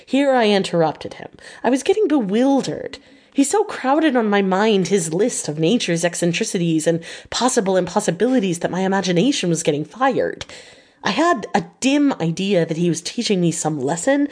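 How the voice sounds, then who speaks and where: A woman reading a classic novel aloud in measured, even storytelling narration. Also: mid-range voice. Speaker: audiobook narrator.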